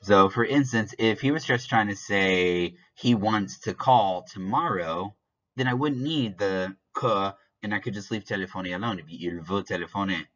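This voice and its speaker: A man's voice: on the low side, moderate pace, a bit bright. A man teaching a recorded lesson, explaining step by step and adding offhand jokes. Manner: explains step by step, switching between French examples and English glosses; offhand asides and small jokes. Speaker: French teacher. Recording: dull lo-fi recording.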